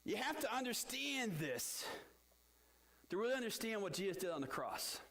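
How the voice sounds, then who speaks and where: A middle-aged man preaching as pastor, telling a story with sudden loud outbursts and quiet low asides. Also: sing-song, moderate pace, vocal fry. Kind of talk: storytelling sermon. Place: church. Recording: echoey church hall.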